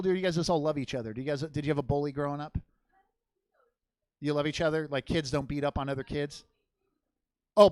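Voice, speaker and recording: A young man from Oregon doing stand-up, rambling, loud and profane, laughing at his own jokes on a theater stage. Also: fairly high pitch, no room sound. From Portland, Oregon. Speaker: stand-up comedian. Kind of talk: stand-up crowd work and storytelling.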